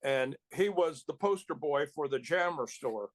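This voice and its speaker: A man's voice: fairly high pitch, animated, moderate pace, dry recording. A male actor telling rambling anecdotes in casual chat, with restarts and chuckles. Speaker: actor guest.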